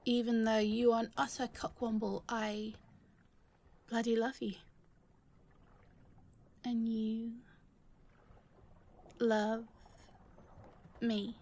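Slow, halting woman in role-play. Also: a little high, flat delivery, a little mellow. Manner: halting, stammering, emotional, swears a lot. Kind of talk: audio role-play addressed to the listener.

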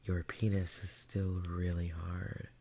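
Here a man gives full character voice to a non-human male creature, dominant and mocking, whispering taunts in a breathy way with frequent chuckles. The voice is low and dark-toned, level in pitch, and he takes his time.

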